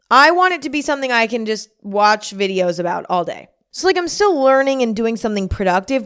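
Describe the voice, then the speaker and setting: Chatty young woman with a smooth voice. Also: fairly high pitch. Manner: chatty, rambling, self-mocking, acts out inner voices. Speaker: podcast host. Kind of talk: casual solo podcast chat.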